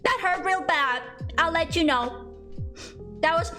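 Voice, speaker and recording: A young woman livestreams from a room at home, chatting casually and playfully in a very high-pitched, bright voice with a forceful tone. She speaks at a measured pace with frequent pauses, giggles often, rambles, and thanks viewers for gifts, while faint music plays behind her.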